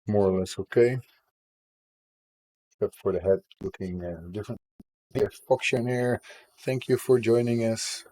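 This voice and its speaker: A man with a sore, husky throat, chatting casually with viewers on a live stream while he draws, self-deprecating about his work. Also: on the low side, steady tone, measured pace, pauses often, warm tone, rough recording.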